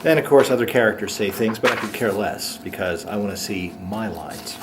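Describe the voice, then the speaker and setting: A man hosting his own comedy show, ranting sarcastically with quick mocking asides. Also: lowish voice, noisy background. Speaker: host. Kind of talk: sarcastic comic monologue.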